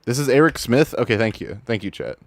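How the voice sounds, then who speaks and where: Excitable, stammering male streamer. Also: mid-range voice, a little fast, no room sound. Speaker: streamer host judging videos. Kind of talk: casual live-stream chat.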